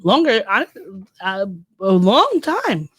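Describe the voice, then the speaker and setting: A woman's voice: medium pitch, sing-song, slow pace, slightly rough, dry recording. A woman co-hosting a podcast in casual chat, asking curious questions and laughing easily. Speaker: podcast co-host.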